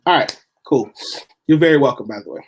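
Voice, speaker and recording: A woman's voice: very deep voice, expressive, a little fast, darkish tone, slight background noise. A woman hosting a casual panel chat, reading listener posts aloud and laughing often as she goes. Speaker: host.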